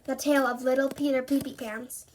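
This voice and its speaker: A woman reading aloud, voicing a small, cheeky male rabbit with a quick, urgent storybook voice. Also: high-pitched, fairly even intonation, a little mellow, slight background noise, lightly acted.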